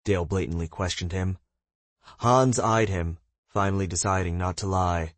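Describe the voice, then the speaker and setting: Male audiobook narrator; low, husky, dry, measured. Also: no room sound. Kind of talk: scripted narration.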